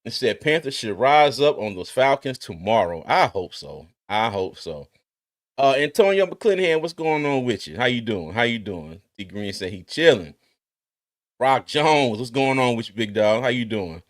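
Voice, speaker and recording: Guy hosting a football stream, lively, laughing, reading comments off, normal pitch. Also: normal speed. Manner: animated, laughing, reads viewer comments aloud. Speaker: podcast host. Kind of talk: casual sports talk livestream. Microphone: streaming mic.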